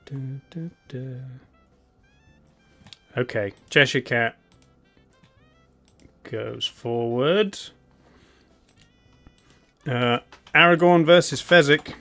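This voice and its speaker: A man talks unhurriedly in a middle-pitched voice while hosting a live stream. He stays relaxed and chatty, chuckles now and then and hums to fill the pauses. Soft music plays faintly behind him, along with keyboard clicks. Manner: laid-back, chuckling, hums idly while waiting. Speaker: streamer host. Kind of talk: casual live-stream commentary.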